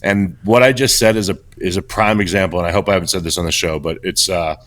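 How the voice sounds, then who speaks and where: A middle-aged man co-hosting a podcast over a video call, telling blunt stories candidly and with lively restarts. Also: low-pitched, fast. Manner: candid, animated storytelling with restarts. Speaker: podcast co-host. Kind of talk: casual podcast chat.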